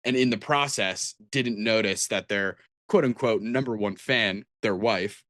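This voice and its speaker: A man's voice: on the low side, unhurried, a bit bright, no echo, studio quality. A man co-hosting a podcast, chatting casually about tabletop games in a rambling way with many restarts. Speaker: podcast co-host.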